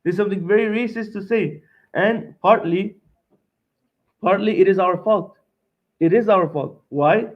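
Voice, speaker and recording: A man's voice: sits high, a little slow, long pauses, highs cut off. A young man from Montreal giving a seminar lecture, speaking emphatically, repeating his points and tagging them with "right?". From Montreal, Canada.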